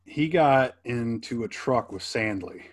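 Man, casual storyteller, animated, mid-pitched voice, laughs a lot. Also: unhurried. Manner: animated, laughs often, acts out quotes.

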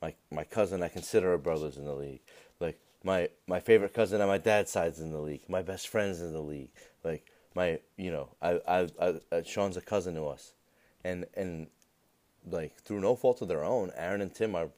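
A man's voice: low-pitched, brisk, darkish tone. A man hosting a casual podcast, rambling with many restarts and fillers. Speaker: podcast host.

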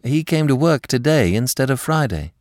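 A man voicing an anxious, restless young wife in an audiobook reading, raising his voice higher and speaking quickly. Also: lively intonation, darkish tone, dry recording, clean studio sound, close to an everyday voice. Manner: nervy, quick, higher pitched.

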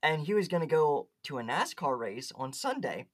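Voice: medium pitch, sing-song, moderate pace. Giggly podcast co-host. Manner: giggly, reads chat logs aloud with filler words. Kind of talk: casual podcast chat.

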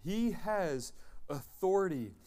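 A man giving a sermon in an earnest, animated way, telling personal stories as a missionary speaker and acting out what people said. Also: high voice, takes it slowly. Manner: earnest, animated, acts out quoted speech. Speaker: missionary guest speaker at a church.

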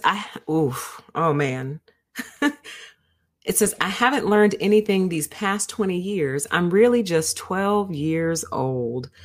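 A woman hosting a book review livestream, chatting casually and talking straight to her viewers. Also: on the low side. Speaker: host of a book review show.

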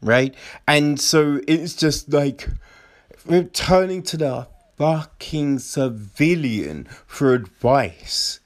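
A man airs his frustration with a show in an unhurried, profane rant. His pitch swings widely and sits a little high, and he slips into shrill mocking voices to quote the characters. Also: expressive. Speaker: show reviewer. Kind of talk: ranting casual review.

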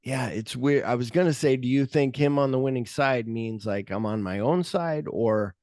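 A man's voice: mid-range voice, moderate pace, darkish tone, no room sound. Rambly guy hosting a film podcast, says like a lot, dry close sound. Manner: rambling, full of "like", retells scenes. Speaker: podcast host. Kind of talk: casual film discussion.

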